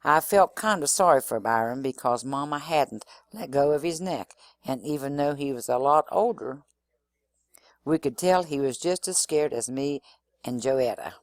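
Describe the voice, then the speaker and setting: A man reading a novel aloud in an expressive first-person storytelling manner. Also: medium pitch, normal speed, no echo. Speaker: reader.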